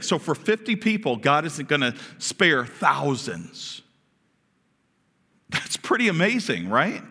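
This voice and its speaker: Male pastor, bright, conversational sermon, reverberant church hall. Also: fairly high pitch, slow, husky. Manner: animated, conversational, asks the congregation questions.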